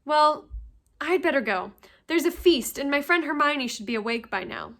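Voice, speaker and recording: A woman's voice: high voice, lively intonation, moderate pace, a bit bright. A woman reading as a schoolboy wizard. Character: young boy wizard, plain and dry.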